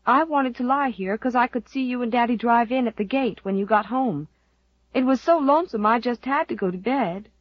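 A sleepy little boy speaks simply and earnestly in a small raised voice, as a woman puts him on. The sound is breathy. The recording is dull and dry. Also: on the high side, moderate pace, no echo, pitched above the performer's own voice, lightly acted.

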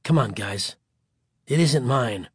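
Guy reading a nervous boy, low and quiet, pleading, dry close mic. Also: expressive, normal speed, breathy edge, dry recording. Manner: pleading, anxious. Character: worried boy hero, pleading but stubborn.

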